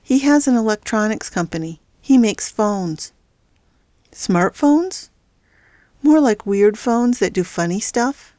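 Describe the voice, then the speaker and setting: A timid little boy in an audiobook, as a woman narrator puts him on. The voice sits only a bit higher than her own and stays soft. The recording is dry and close. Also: lively intonation, takes it slowly, dry recording. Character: young boy, kidnapped, timid but brave.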